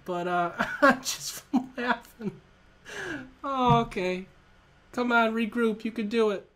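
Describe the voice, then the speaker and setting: A middle-aged man giving live chess stream commentary, excitable, talking to himself and breaking into frequent laughter. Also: extremely high pitch, takes it slowly.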